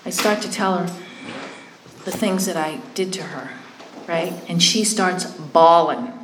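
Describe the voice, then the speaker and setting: A woman's voice: on the low side, unhurried, background noise. A woman telling her recovery story in a conversational way, candid and self-deprecating, often checking in with her listeners. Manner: conversational, keeps checking in with "right?". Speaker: speaker sharing a recovery story. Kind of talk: personal testimony talk. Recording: echoey room.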